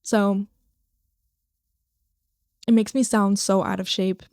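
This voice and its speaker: A woman's voice: mid-range voice, fairly even intonation, slow pace, vocal fry, a little mellow, no echo, studio quality. A young woman hosting her own podcast, rambling casually and swearing now and then into a microphone at home. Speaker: podcast host. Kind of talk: casual solo podcast chat. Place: home, recording to her computer screen.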